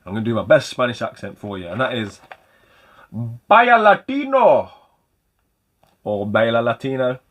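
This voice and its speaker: A man's voice: fairly low pitch, fast, hardly any pauses, muffled recording. A man hosting a casual vlog about retro game pickups, chatty and rambling with a light self-mocking humor. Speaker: retro game collector and channel host.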